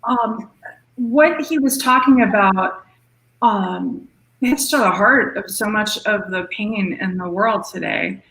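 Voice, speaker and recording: A woman host reflecting thoughtfully after a recording, pausing with frequent ums. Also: medium pitch, vocal fry, a bit bright, reverberant, poor audio. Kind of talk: reflective commentary.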